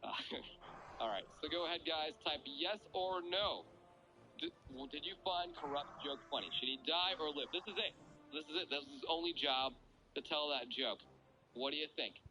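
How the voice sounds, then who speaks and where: A man's voice: a little high, normal speed, background noise. A man hosting a joke contest in game voice chat, upbeat and chatty like an announcer. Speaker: game stream host running a joke contest.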